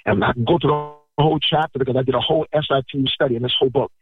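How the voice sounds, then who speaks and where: A man's voice: mid-range voice, steady tone, racing. A man preaching a sermon in a conversational way, often repeating words and greeting listeners by name. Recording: tinny phone-like line, husky.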